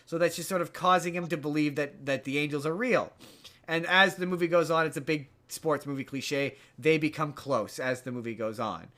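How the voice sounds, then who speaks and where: A man on a podcast rambles through a movie recap in casual chat, stumbling over restarts and repeated words. His voice sits a little high for a man. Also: pushed and bright. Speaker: podcast host.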